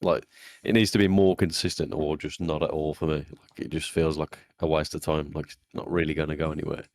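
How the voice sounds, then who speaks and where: A man's voice: a bass voice, little pitch movement, a little fast, a little mellow, a little hiss or hum. A man co-hosting a podcast, chatting in a laid-back way with casual swearing. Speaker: podcast co-host. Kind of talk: casual chat.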